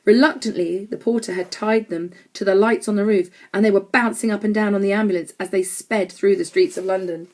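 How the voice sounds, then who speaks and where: Lady reading a kids storybook aloud, clear and measured, mid pitch. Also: fairly even intonation, a little mellow. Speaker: audiobook narrator. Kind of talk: scripted storybook narration.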